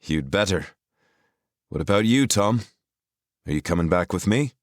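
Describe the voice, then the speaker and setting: A man voicing a steady, kindly grown friend in an audiobook, calm and measured. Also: sits low, dry recording, clean studio sound, voice pushed up.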